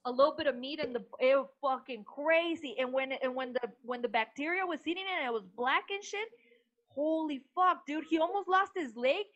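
Brash high-voiced woman swearing casually. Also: fairly quick, fairly bright tone, highs cut off. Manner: brash, swears freely, says "bro". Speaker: podcast co-host. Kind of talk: casual chat.

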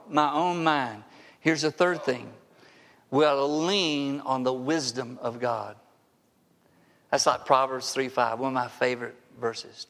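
A man's voice: a little high, fairly bright tone. A man in his sixties preaching a sermon in a church sanctuary, conversational with wry asides. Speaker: pastor. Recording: long hall reverb.

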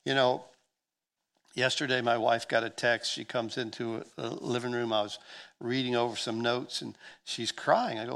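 A man delivering a sermon in an earnest preaching voice of middle pitch. He swells to loud, pressing passages and drops back to soft, intimate ones. He often stumbles and repeats words as he builds. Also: moderate pace, creaky. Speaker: pastor.

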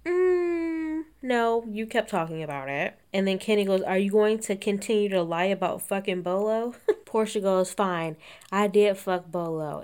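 A woman's voice: on the low side, a little mellow, clean tone. A woman giving a casual, opinionated recap of a reality show, quoting the cast in snippy bits and laughing often.

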